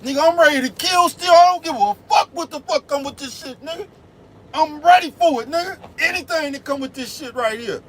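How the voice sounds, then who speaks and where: A man putting on a shrill, furious young boy. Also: fairly quick. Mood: defiant yelling. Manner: shouting, defiant. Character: furious young boy yelling at his mother.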